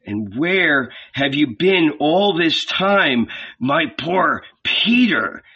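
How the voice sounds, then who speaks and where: A man's voice: fairly high pitch, very animated, extremely slow, sharp tone, slightly rough, full character voice. A man doing a stern, scolding disciple. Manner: reproachful, mocking questions. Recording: dull lo-fi recording.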